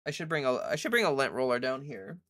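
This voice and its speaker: A woman's voice: extremely low pitch, big pitch swings, quick pace, a bit bright. A woman hosting a casual livestream from home, chatting loosely with many "like" fillers and answering viewers' chat. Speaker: livestream host.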